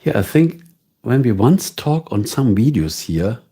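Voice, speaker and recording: A man's voice: mid-range voice, very animated, a little slow, dark tone, slightly rough. A man with a German accent, a native German speaker, chatting casually with viewers as a livestream host and answering their questions.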